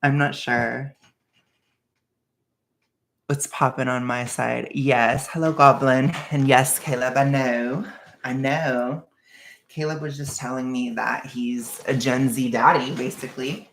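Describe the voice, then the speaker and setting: Here the young adult streamer reads the chat in a rambling, self-deprecating, jokey way full of laughs. The voice is mid-pitched and fry-laden, slow, a bit bright and fairly flat in pitch, with an echoey room and a little hiss or hum.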